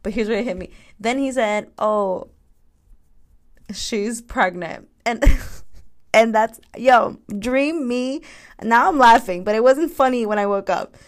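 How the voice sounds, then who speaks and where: A young woman hosting a podcast on her own, telling her dreams in a candid, animated way, with frequent laughs and swearing. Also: a little high, slow pace. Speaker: podcast host. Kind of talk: casual solo podcast chat.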